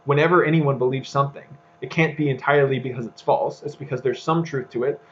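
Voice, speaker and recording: A man co-hosts a casual talk, working his ideas out as he speaks, full of restarts and fillers. His recording sounds dull and lo-fi, with a middling pitch. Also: fairly even intonation, fast talker, a bit bright. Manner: rambling, thinks aloud with fillers and restarts. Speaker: podcast co-host. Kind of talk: casual discussion.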